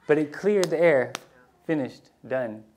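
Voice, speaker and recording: A man's voice: a little high, lively intonation, unhurried, a little mellow, a little hiss or hum. A male pastor preaching a conversational sermon, telling personal stories with casual asides and restarts. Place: church sanctuary.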